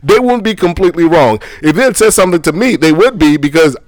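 A man's voice: fairly high pitch, lively intonation, fast talker, no echo, clean studio sound. A man in his thirties, a podcast co-host, who laughs easily and tells stories in casual chat. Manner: laughing, storytelling.

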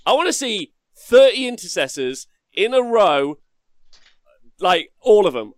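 A man's voice: high-pitched, very animated, measured pace, no room sound, studio quality. A man co-hosting a casual hobby podcast, ranting brashly with lots of swearing. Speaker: podcast co-host.

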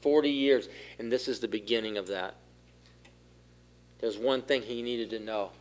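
A male pastor delivers a teaching sermon at a medium pitch. He keeps putting questions to the congregation and builds in force at his main points. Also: normal speed, darkish tone. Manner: asks the room questions, rises in force for key points. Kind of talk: interactive sermon.

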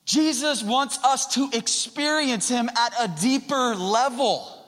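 A man preaching a sermon into a handheld mic, conversational and swinging from quiet to loud. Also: extremely high pitch, takes it slowly. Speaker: pastor. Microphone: handheld microphone. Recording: long hall reverb.

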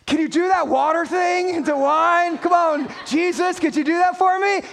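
A man's voice: very high voice, steady tone, moderate pace, vocal fry, fairly bright tone, a little hiss or hum, voice pushed up, full character voice. A man putting on an overeager pushy churchgoer. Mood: eager. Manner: pushy, pleading. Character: overeager excited male churchgoer.

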